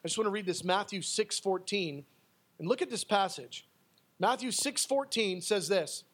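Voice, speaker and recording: A man preaching a sermon in a high voice. He swings between loud, pressing emphasis and hushed asides. He also acts out the people he quotes. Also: animated, normal speed, slightly rough. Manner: acts out quoted speakers in a raised voice. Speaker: pastor.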